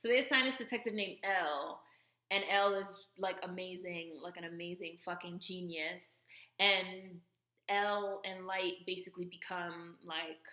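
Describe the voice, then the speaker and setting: A woman vlogging casually as she unboxes a package, chatty and excitable, with lots of "like" fillers. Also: fairly low pitch, a little slow. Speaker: YouTuber. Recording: echoey room.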